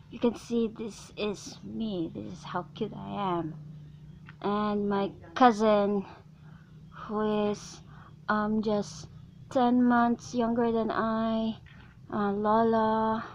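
A young Filipino woman with a Filipino accent chatting excitedly and giggling through a casual travel vlog at an outdoor resort, filmed on a handheld camera. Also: mid-range voice, slow, dull audio. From Philippines. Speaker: vlogger. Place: outdoor resort, partly on a cable car. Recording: noisy outdoor recording.

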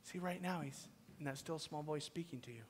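A man preaching a sermon to his church, swinging from loud, pleading peaks down to a hushed whisper. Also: on the high side, fairly quick, slight background noise. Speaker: pastor. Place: church sanctuary. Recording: long reverb of a church hall.

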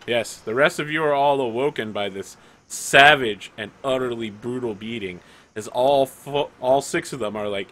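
A man's voice: mid-range voice, normal speed, a bit bright. A man running a tabletop game as game master, narrating loosely with lots of "like" and small laughs.

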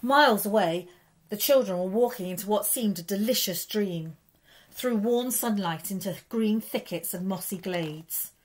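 Female teacher narrating a kids' book, expressive storyteller delivery. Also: medium pitch, a little slow. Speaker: primary school teacher. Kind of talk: reading a children's story aloud.

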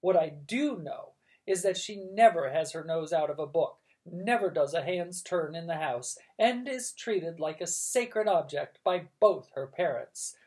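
A woman voicing a rich, bossy elderly great-aunt who issues orders in a loud, haughty way. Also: fairly low pitch, unhurried, close to an everyday voice. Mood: imperious.

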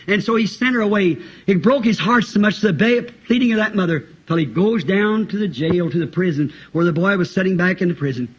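A man's voice: high voice, fairly quick, hardly any pauses, husky. A man preaching a fervent, urgent sermon to a congregation, recorded on a dull lo-fi 1960s tape. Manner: fervent, urgent, breaks into song. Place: church with congregation.

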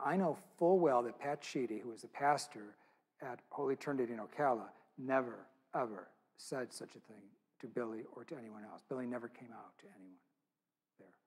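Husky man telling an earnest story. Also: medium pitch. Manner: earnest, intimate storytelling with quoted dialogue. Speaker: church musician and speaker. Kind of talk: storytelling talk at a church event. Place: church.

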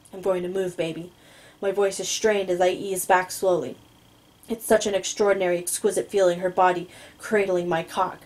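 A woman reading a first-person novel aloud in a steady, low-key storytelling voice. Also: low-quality recording. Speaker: audiobook reader.

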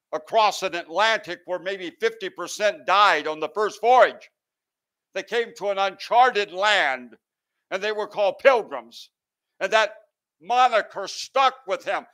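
A male pastor preaching an impassioned sermon that swells loud and sinks low, sometimes stumbling over words. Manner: impassioned, swells and drops in volume.

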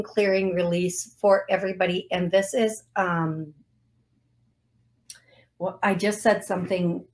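A middle-aged woman hosting a psychic call-in show, giving readings and leading a guided healing in an emotional, affirming way. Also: mid-range voice. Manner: slow, emotional, affirming, repetitive phrasing. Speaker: psychic medium radio host.

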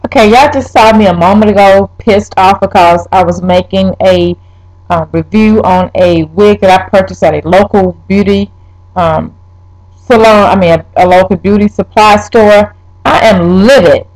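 A young woman vlogging a wig review, talking straight to her viewers, swearing and exasperated, her voice jumping up high when upset. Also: moderate pace, darkish tone, low-quality recording. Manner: pitch leaps when upset. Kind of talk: casual vlog, ranting.

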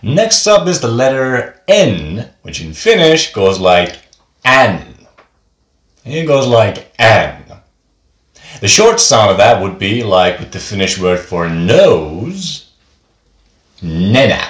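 Slow, patient man teaching pronunciation. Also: fairly low pitch, very animated, a bit bright. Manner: slow, patient, repeats example words twice. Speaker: language teacher. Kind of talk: beginner pronunciation lesson. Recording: echoey room.

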